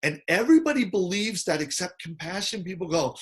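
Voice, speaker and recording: A man hosting a casual conversation, telling lively stories and acting out the people in them. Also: sits high, moderate pace, hardly any pauses. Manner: animated storyteller, acts out quoted voices. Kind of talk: casual chat.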